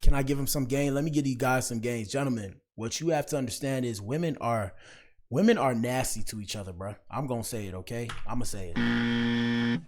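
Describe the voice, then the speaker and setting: A man's voice: mid-range voice, fast talker, darkish tone, a little hiss or hum. A young man giving casual, preachy reaction commentary in slangy talk, speaking straight to his viewers. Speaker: commentary streamer.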